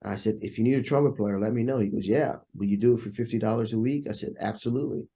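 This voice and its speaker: A man's voice: fairly low pitch, fast talker, vocal fry, mellow, breathy edge. A man, a trumpet player and interview guest, telling stories in casual conversation and acting out the voices of people he quotes.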